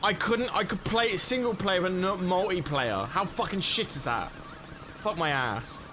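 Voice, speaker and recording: A man's voice: high-pitched, animated, normal speed, noisy background. A young man streaming a racing game, chatting casually in a rambling, sweary way, often stopping and restarting his sentences. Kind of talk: casual chat while gaming.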